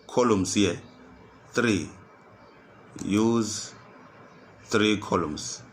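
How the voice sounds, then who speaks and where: Low slow-speaking man teaching software steps. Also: steady tone. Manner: repetitive step-by-step instructions, restating each step. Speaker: computer skills tutor. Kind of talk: screen-recorded software tutorial.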